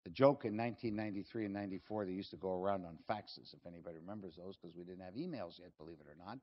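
A man's voice: sits low, very fast, dull audio. An older man, speaking as a guest at an event, telling rambling, self-deprecating business stories. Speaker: guest speaker, real estate executive. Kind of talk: anecdotal talk to an audience.

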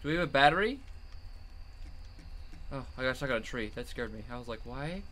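A young man giving jumpy commentary while playing a horror game, yelling at the monster chasing him. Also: mid-range voice, animated, brisk. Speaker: gamer.

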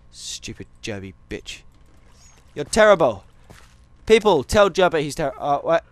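Young-sounding male let's-play host, slightly high voice with lively swings, rambling, playful, chatty to his viewers. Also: measured pace, clean tone, no room sound. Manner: rambling, jokey, goes off on tangents; talks to viewers and animals in game. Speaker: gaming channel host. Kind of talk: Minecraft let's play commentary.

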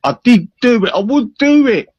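A man with a high voice protests his innocence, upset and swearing. The audio is dull and dry, lo-fi with no room sound. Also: very animated, normal speed, dry recording. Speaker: live stream participant. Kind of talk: heated group call.

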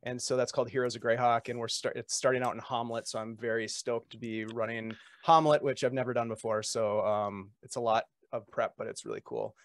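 A man who runs tabletop games, chatting on a stream and eagerly shouting out his group's shows. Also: medium pitch, flat delivery, a little fast, few pauses, dry recording. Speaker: game master and stream guest. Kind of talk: casual stream chat.

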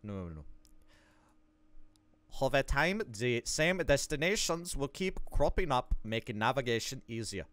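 A man's voice: medium pitch, very animated, a little slow, a bit bright, no echo. A man playing through a game and reading a walkthrough guide aloud, breaking off for joking asides. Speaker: gaming video creator. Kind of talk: let's play commentary.

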